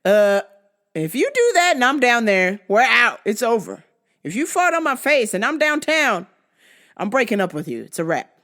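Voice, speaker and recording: A woman's voice: a little high, very animated, moderate pace, fairly bright tone. A woman hosting her own podcast, telling comic stories with a lot of swearing and laughter. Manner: profane, laughing often. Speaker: podcast host. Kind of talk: casual comic storytelling.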